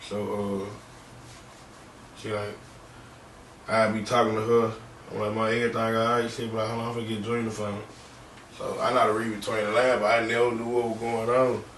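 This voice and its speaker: A young man in a podcast interview, telling a personal story in a halting, slangy, subdued way. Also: fairly low pitch, fairly bright tone, recorded from a distance. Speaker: podcast guest. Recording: roomy, off-mic, faint background noise.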